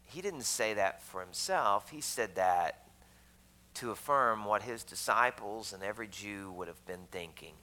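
Bright-voiced man preaching conversationally. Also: lowish voice, lively intonation, measured pace, poor audio. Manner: conversational, jokey asides to the congregation. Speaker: pastor. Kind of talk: sermon.

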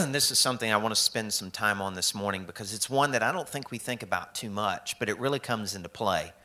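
A man's voice: on the low side, bright, forceful tone. A middle-aged man from the American South preaching a sermon in a conversational, joking way, acting out the people in his stories. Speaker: pastor.

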